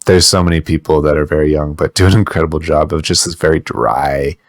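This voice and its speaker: A man's voice: a bass voice, steady tone, brisk, no room sound. A man co-hosting a podcast, chatting in a loose, rambling, joking way. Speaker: podcast co-host. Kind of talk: casual podcast chat.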